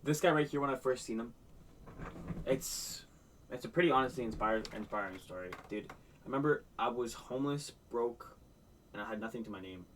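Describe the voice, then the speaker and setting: A man's voice: medium pitch, normal speed, a bit bright, recorded from a distance, a little hiss or hum, rough recording. A man reacting to a music video, telling absurd made-up stories in a mock-sincere tone. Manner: tells outlandish tall tales in a mock-sincere tone.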